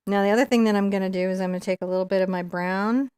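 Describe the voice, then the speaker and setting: A middle-aged woman leads a live painting tutorial in a chatty, meandering way. Her voice is smooth and resonant, recorded close with no room sound. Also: medium pitch, steady tone, rapid-fire, darkish tone, no room sound. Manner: chatty, laughs often, rambling asides. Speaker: painting instructor.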